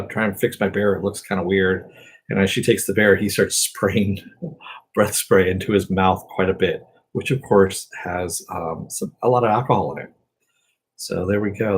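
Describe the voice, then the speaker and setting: A man's voice: low-pitched, slightly rough, rough recording. A man casually recapping a TV episode as a reviewer, rambling along with lots of fillers.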